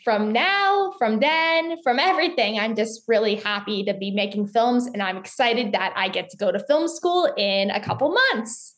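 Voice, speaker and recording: A woman's voice: a little high, expressive, moderate pace, hardly any pauses, fairly bright tone. An eighteen-year-old woman from North Carolina, a filmmaker guest chatting eagerly in an interview with lots of "like"s. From North Carolina, USA. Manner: bubbly, chatty, many "like"s. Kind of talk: casual interview talk.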